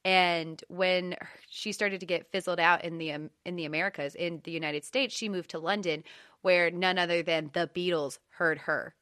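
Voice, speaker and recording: A woman's voice: fairly low pitch, normal speed, dry recording, studio quality. A young adult woman, co-hosting a casual podcast chat, giggly and playful. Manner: giggly, animated, playful with silly voices. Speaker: podcast co-host.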